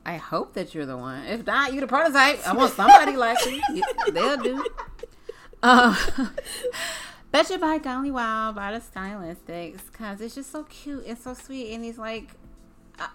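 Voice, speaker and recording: A woman's voice: a little high, animated, normal speed, heavy background noise. A woman co-hosting a casual music chat, playful and laughing, often acting out song lyrics in voices. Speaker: co-host.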